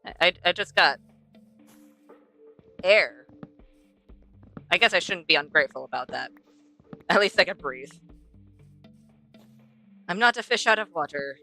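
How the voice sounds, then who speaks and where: A woman's voice: fairly low pitch, lively intonation, measured pace, pauses often, pushed and bright, soft background music. A young woman streaming a game, chatting to herself and to the animals she passes as she plays. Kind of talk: casual gameplay commentary.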